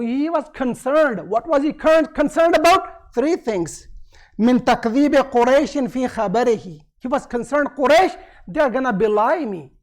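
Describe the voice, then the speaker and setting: Man preaching, quoting Arabic then explaining. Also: very high-pitched. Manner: quotes Arabic passages then explains in English; asks the audience questions and answers them himself. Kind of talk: sermon. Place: community centre hall.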